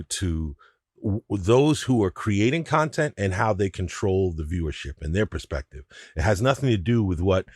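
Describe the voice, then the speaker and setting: A man co-hosting a podcast, explaining his views in casual, expressive discussion. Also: low-pitched, breathy edge, no echo, clean studio sound. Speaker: podcast co-host.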